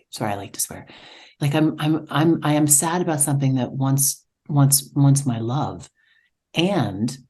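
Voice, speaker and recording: A woman guest who leads somatic workshops, talking in a soft-spoken, reflective way and often dropping to a whisper. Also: sits low. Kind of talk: casual conversation.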